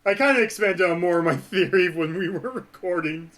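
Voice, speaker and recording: A man co-hosting a podcast in casual chat, excitable, tripping over his words and laughing often. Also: high-pitched, a little fast. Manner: excitable, stumbling restarts and laughs. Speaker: podcast co-host.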